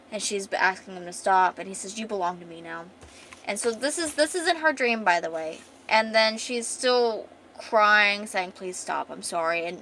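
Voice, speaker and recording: A woman's voice: medium pitch, a bit bright, slight background noise. A woman streamer chatting casually with viewers while retelling and reading a comic aloud, full of fillers and restarts.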